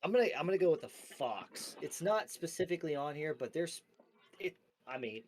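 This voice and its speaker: A man's voice: a little high, animated, fairly quick, darkish tone. Laid-back rambling male player. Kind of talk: casual tabletop play.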